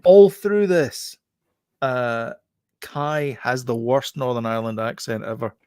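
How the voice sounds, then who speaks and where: A man's voice: medium pitch, takes it slowly, a little mellow, clean tone, no echo, clean studio sound. A man co-hosting a casual film review chat, rambling with many fillers and restarts.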